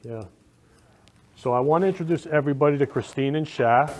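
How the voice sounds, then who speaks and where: A man's voice: a little high, fairly quick, darkish tone. A man hosting a casual talk show, gushing and sentimental, showering guests and viewers with affection. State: emotional, near tears. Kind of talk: casual live show chat.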